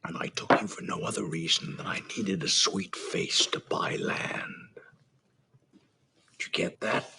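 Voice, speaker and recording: An actor playing a ruthless, bitter middle-aged oilman, his voice gravelly and raspy, swinging from hushed menace to shouting in a dramatic film scene. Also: low-pitched, unhurried, background noise. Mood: cold contempt. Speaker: film character.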